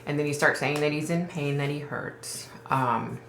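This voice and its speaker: A woman's voice: deep voice, moderate pace, a bit bright, roomy sound, slight background noise. A woman vlogger telling viewers about a psychic dream, hesitant and emotional, with frequent sighs and ums. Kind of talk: casual retelling to viewers.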